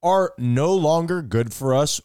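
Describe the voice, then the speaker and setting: A man's voice: a little high, animated, unhurried, a little mellow, clean tone, no echo, studio quality. A man co-hosting a comedic chat show with his brother, joking and playful. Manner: jokey, playful sung intro. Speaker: podcast co-host.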